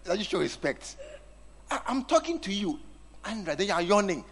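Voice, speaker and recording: A man's voice: sits high, big pitch swings, normal speed. A man preaching a sermon, teasing and acting out scenes with his congregation. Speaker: pastor.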